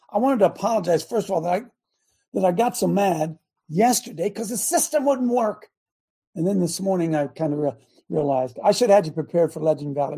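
An older male talk show host with a gravelly, husky voice. He speaks with loud, emphatic passion and drives his points home by repeating them. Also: on the high side. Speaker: show host and former football coach. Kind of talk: impassioned talk show monologue.

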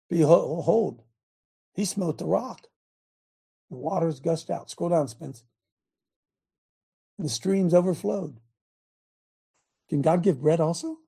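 A man's voice: high-pitched, animated, slow, creaky, pauses often, warm tone, breathy edge. An older man preaching a sermon in a fiery way, firing rhetorical questions at his congregation.

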